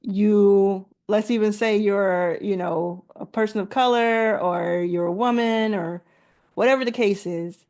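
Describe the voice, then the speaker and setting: A woman's voice: medium pitch, fairly even intonation, measured pace, a little mellow. A middle-aged woman, a founder and investor, telling a candid personal story as motivational advice, with fillers and restarts.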